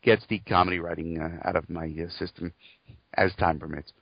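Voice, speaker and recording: Wry low-voiced man, dry sound. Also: steady tone, a little fast, breathy edge, no room sound, muffled recording. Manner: wry, joking. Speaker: voice actor and comedy writer. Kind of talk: interview answers, casual.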